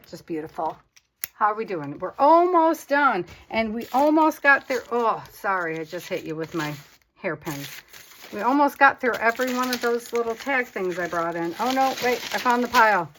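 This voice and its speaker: A woman's voice: medium pitch, a bit bright, slight background noise. A woman hosting a casual crafting vlog, chatting candidly and talking to her supplies as she works. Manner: self-deprecating and candid. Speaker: crafting channel host.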